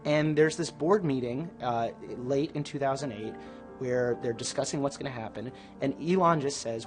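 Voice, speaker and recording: A man's voice: mid-range voice, normal speed, faint music behind. A man being interviewed, recounting events like a story.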